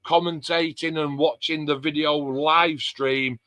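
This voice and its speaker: Male host, chatty and bright, dry close sound; reads viewer comments on a live stream. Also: on the high side, steady tone, unhurried, dry recording. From England. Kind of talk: casual live-stream chat.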